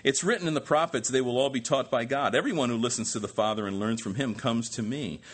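A man's voice: medium pitch, quick pace. A man preaching a sermon as pastor, with rising emphatic peaks and rhetorical questions to the congregation.

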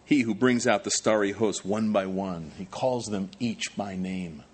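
A man preaching a sermon as pastor, animated, moving from quiet asides to loud emphatic questions. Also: lowish voice, measured pace.

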